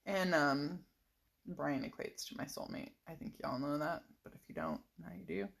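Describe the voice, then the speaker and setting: A woman's voice: low-pitched, expressive, moderate pace, gravelly. A middle-aged woman casually telling a rambling personal story in a vlog, full of fillers and little laughs. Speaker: vlogger.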